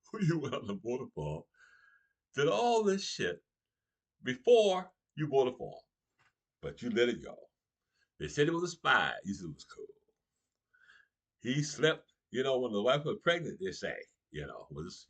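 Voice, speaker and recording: A husky-voiced middle-aged male comedian with a lively, swooping delivery. He talks straight to his audience in a political comedy monologue and chuckles between his lines. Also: lowish voice. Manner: animated, laughs between lines, addresses the audience directly.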